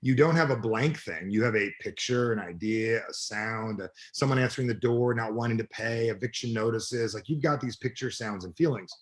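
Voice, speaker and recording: Brisk and barely pausing, this mid-range male voice belongs to a middle-aged personal development coach in an energetic interview. His delivery is emphatic and blunt, with plenty of swearing.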